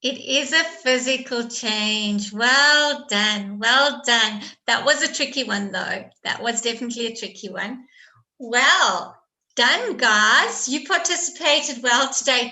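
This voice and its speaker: A woman's voice: high-pitched, sharp tone, poor audio. A woman teacher running a quiz lesson, praising and encouraging her students.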